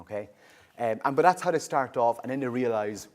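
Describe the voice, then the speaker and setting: A middle-aged Irish man working in youth drug and alcohol services gives a public awareness talk, explaining in a lively way and often checking in with the audience. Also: mid-range voice, fairly quick.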